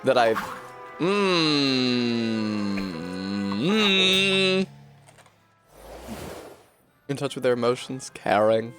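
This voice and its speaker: A man's voice: mid-range voice, little pitch movement, a little fast, hardly any pauses, music in the background. A man chatting casually while streaming a game, joking and swearing through rambling asides.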